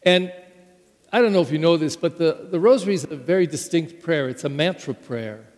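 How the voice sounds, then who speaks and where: A male pastor giving a homily in a conversational preaching style, leaning on key words and rising suddenly loud. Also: fairly high pitch, fairly quick. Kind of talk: sermon. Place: church. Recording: live church hall with long reverb.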